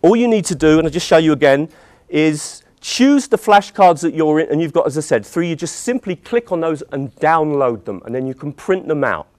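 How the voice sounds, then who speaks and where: A British man speaking at a conference for teachers, walking them through websites with real enthusiasm. His voice sits fairly high and swoops up and down in lively turns. The sound is dry and close, with almost no room around it. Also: moderate pace, no echo. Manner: enthusiastic, demonstrating websites on screen. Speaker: teacher trainer. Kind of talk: conference presentation.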